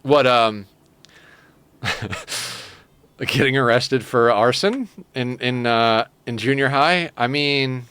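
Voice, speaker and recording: A man with a mid-range voice streams a strategy game, chatting casually, swearing freely and wandering into stories that amuse him. He talks slowly with long pauses, his tone bright and forceful. The recording is clean, with no echo.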